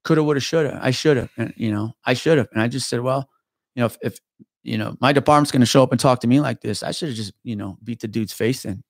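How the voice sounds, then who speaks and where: A man's voice: mid-range voice, fast talker, creaky, dry recording. Retired cop, male, profane storyteller, full of restarts, dry close mic. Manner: profane, animated retelling with many restarts. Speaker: guest, retired police officer. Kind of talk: casual podcast storytelling.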